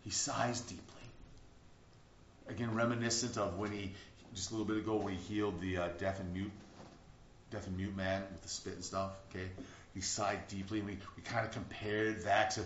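A man preaching a sermon as a pastor, in an earnest manner that swings between loud, emphatic bursts and quiet, reflective stretches. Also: lowish voice, little pitch movement, normal speed, slight background noise. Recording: roomy, dull lo-fi recording.

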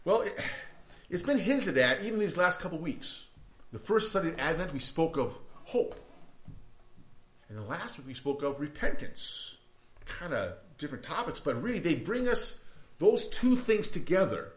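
A man's voice: a little high, very animated, normal speed, reverberant. A man preaching a sermon to his congregation, talking conversationally with frequent restarts and rhetorical questions. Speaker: pastor.

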